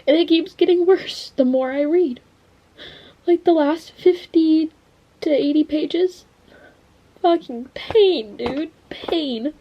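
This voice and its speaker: A woman's voice: sits high, measured pace, dull audio. A young woman vlogging from her bedroom, tearful and emotional, gushing about a book and swearing casually. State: tearful, has been crying. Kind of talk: casual vlog chat. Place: at home, bedroom.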